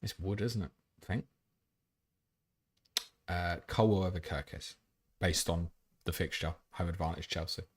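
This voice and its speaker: This fantasy football livestream host has a low, husky voice, going a little slowly and pausing often. He reads questions from chat and gives blunt answers laced with casual swearing.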